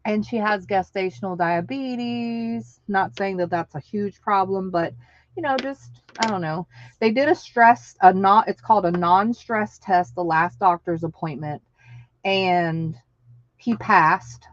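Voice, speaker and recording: A woman past thirty-five talks at an easy, unhurried pace in a casual live-stream chat. She keeps breaking into laughs and acts out the lines of the people in her stories. The audio is dull and lo-fi, and the sound is dry and close. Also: medium pitch, dry recording. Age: over 35. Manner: chatty, laughs often between sentences; tells stories by acting out what people said.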